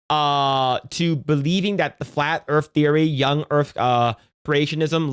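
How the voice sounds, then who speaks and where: A man's voice: a little high, clear, resonant tone. Crude, rambling male streamer. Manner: crude, profane, rambling with restarts; jokey instructional tone. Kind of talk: casual live-stream chat.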